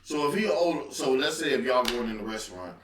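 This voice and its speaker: A man's voice: medium pitch, animated, fairly quick, fairly bright tone. A man co-hosting a podcast, chatting casually in a playful, joking way. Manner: playful, jokey, teasing. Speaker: podcast co-host. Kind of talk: casual chat. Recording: echoey room, mic at a distance, faint noise.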